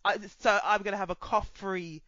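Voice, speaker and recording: A woman's voice: mid-range voice, fairly even intonation, normal speed, pushed and bright, no room sound. A woman co-hosting a podcast in casual chat, laughing often, with an on-and-off cough. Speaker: podcast co-host. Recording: dry, slightly dull lo-fi audio.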